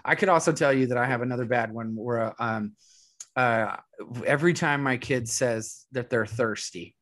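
A man's voice: mid-range voice, normal speed, a bit bright. Easygoing man in casual chat. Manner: easygoing, trails off mid-sentence. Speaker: podcast co-host.

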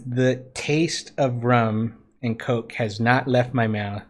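A young man in his twenties tells a story to friends on a podcast, in a voice of middling pitch. He talks in loose, casual chat, swears without a second thought and keeps breaking into laughter. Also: steady tone, slow. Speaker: podcast co-host.

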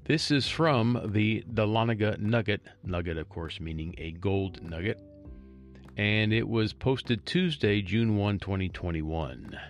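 A man's voice: on the low side, a little slow, faint music behind. A man reading a local news story aloud and adding chatty, wry asides as a storytelling host.

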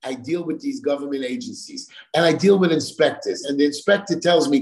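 Animated middle-aged man ranting passionately. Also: a little high, brisk, hardly any pauses, poor audio. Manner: animated, acts out quoted officials, repeats himself. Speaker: show host, building receiver. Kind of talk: heated conversational rant.

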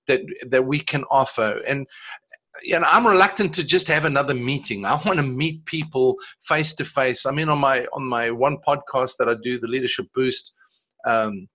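A South African man co-hosting a casual faith podcast, talking in a halting way with repeated words and many fillers. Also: mid-range voice, sharp tone. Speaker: podcast co-host.

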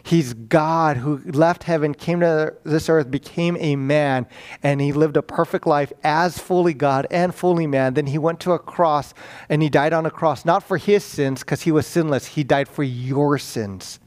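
A man's voice: fairly high pitch, unhurried, darkish tone. A man preaching as a guest pastor, earnest and pleading, repeating key phrases for emphasis. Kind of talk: sermon.

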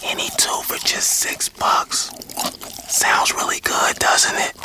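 A man reading an ad in a hushed, playful whisper. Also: slow. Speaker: ad announcer. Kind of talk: whispered ad read. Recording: music bed behind the voice.

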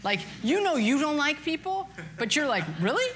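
A woman in her fifties tells a personal story with candid, self-deprecating humor. Her voice is bright and forceful and sits a little high, with a faint hiss of noise underneath. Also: sing-song, normal speed. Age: 50s.

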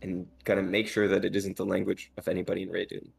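A man's voice: low voice, completely flat delivery, fast talker, vocal fry. A man playing a tabletop game, thinking aloud with hesitant fillers. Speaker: player. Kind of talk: casual tabletop play.

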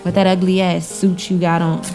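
A woman's voice: fairly low pitch, level tone, normal speed, dark tone, soft background music, lightly acted. An actress playing an outspoken young woman interior designer, blunt and profane. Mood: furious. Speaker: Denise.

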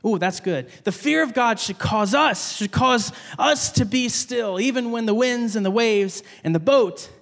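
Man, pastor, sermon, high voice, long hall reverb, animated storytelling. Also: measured pace, hardly any pauses.

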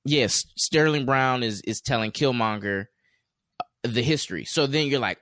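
Casual male co-host, rambling delivery, mid pitch, dry mic. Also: normal speed, no room sound. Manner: relaxed, rambling with many fillers and restarts. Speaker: podcast co-host. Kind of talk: casual chat.

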